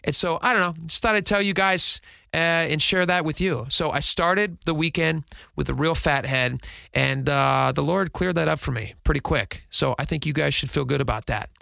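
A married man hosting a radio show, telling a self-mocking story in a casual, animated way and laughing now and then. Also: on the high side, moderate pace, vocal fry, dry recording. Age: adult, married.

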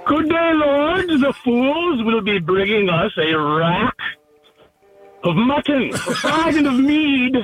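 A hearty lord eager for a feast, as a male caller hams him up. His high voice swings widely and moves slowly. He comes through a distant phone line with music underneath. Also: big pitch swings, fairly bright tone, heavily acted. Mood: jovial. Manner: hammy mock-medieval proclamation.

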